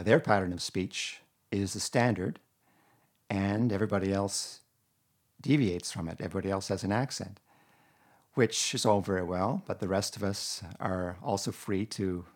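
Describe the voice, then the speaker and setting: A man talking casually in a vlog, answering questions and slowly reading out a word list with a wry, relaxed manner. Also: fairly low pitch. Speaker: vlogger. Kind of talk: casual accent-tag monologue.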